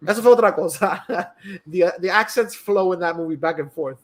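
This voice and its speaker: Blunt high-voiced man. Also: fairly quick. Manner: blunt, profane, switches between English and Spanish. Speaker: podcast co-host. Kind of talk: casual bilingual movie chat.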